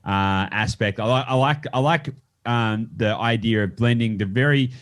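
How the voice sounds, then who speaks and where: A man hosting a podcast interview, talking in loose rambling sentences with frequent restarts. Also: moderate pace. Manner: rambling, restarts often, acts out clients in a high voice. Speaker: podcast host. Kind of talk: casual interview chat.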